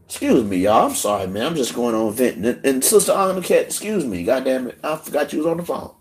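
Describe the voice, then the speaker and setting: Angry guy venting on a stream, swearing a lot, drops to a mutter then yells, kinda choked up. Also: sing-song, fast talker. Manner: heated, profane, swings between low muttering and shouting. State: emotional, in tears. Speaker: livestream host. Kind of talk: angry livestream rant.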